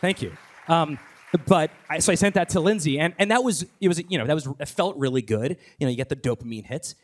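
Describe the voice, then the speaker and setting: A man talking onstage as a podcast host, enthusiastic and rapid, with many fillers, restarts and the odd swear word. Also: fairly high pitch, animated. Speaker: podcast host and guest speaker. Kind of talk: live onstage conversation.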